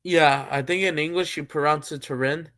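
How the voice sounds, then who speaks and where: A man hosting a live stream talks football in a loose, rambling way, restarting and filling pauses as he thinks. His voice sits a little high and carries a gravelly rasp. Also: steady tone, bright, forceful tone. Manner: rambling, thinks aloud with many fillers and restarts. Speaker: streamer host. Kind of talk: casual football chat.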